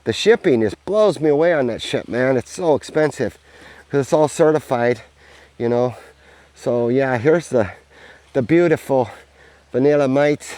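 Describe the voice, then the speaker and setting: A man talks casually while walking a farm outdoors, rambling cheerfully and swearing freely. His voice sits at an ordinary pitch, recorded close on a handheld camera with a dry sound. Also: a little slow, a little mellow, no echo. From United States. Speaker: vlogger, farm owner.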